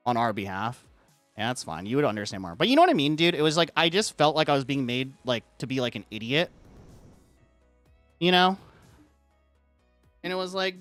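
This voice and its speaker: A man's voice: mid-range voice, very animated, a little fast, pauses often, fairly bright tone, no room sound, faint music behind. A young man streaming, ranting casually to his chat in a rambling way, filling his talk with "like". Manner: rambling, heavy use of "like", acts out quoted lines.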